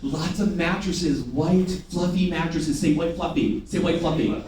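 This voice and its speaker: A man giving a lively sales training to a live audience, prompting them to repeat after him and teasing them. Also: on the high side, unhurried, background noise. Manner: energetic, call-and-response with the audience; teasing, loud bursts. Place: large training room before an audience. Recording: echoey room recorded from far off.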